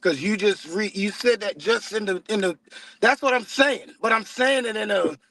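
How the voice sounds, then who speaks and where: A man in casual spiritual discussion, talking in a profane, animated way and acting out what other people say. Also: high-pitched, moderate pace, heavy background noise. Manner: profane, animated storytelling with acted-out quotes. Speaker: co-host.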